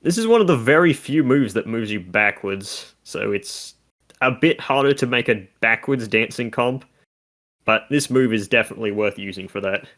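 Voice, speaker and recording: A man's voice: fairly low pitch, animated, moderate pace, fairly bright tone. A man co-hosting a casual video game discussion, talking through stats and mechanics in detail. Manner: analytical, talks through game numbers. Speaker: content creator co-host.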